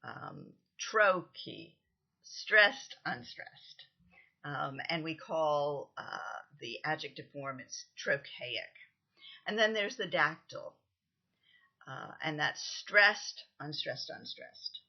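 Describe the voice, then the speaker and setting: Woman lecturing, husky lowish voice, kinda muffled lo-fi recording, lots of ums. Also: expressive, takes it slowly. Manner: explanatory, counts out stresses, frequent ums. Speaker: literature lecturer.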